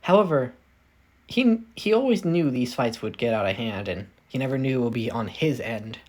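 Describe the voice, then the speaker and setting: A man's voice: medium pitch, lively intonation, normal speed. Guy telling his fanfic off the cuff, lots of ums and self corrections. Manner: rambling, self-correcting, many fillers. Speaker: fanfic storyteller. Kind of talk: casual unscripted story narration.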